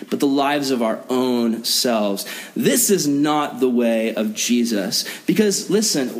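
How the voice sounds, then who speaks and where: Young male youth pastor, earnest and animated, slightly high voice. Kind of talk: sermon to teenagers.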